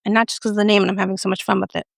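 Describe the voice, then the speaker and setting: A chatty woman talks through a makeup review in a playful, joking way. Her voice carries a gravelly edge of vocal fry, and it sounds dry and close, with no room echo. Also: medium pitch, flat delivery, very fast. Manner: playful, chatty, jokey asides. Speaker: beauty vlogger.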